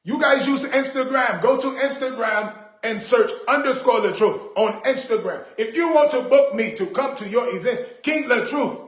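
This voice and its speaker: A man's voice: extremely high pitch, normal speed, reverberant. A man hosting a casual livestream, talking to viewers in an emphatic, repetitive, indignant way. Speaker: livestream host.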